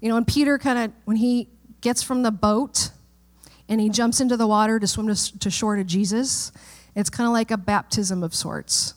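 A woman's voice: fairly high pitch, fairly even intonation, moderate pace. Conversational woman pastor preaching. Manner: conversational, checks in with the room. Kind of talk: sermon. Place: church.

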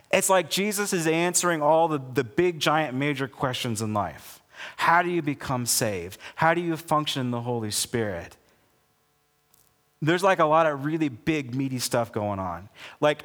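Casual male pastor, storytelling sermon, slightly high voice, long hall reverb. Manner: casual, animated, full of fillers.

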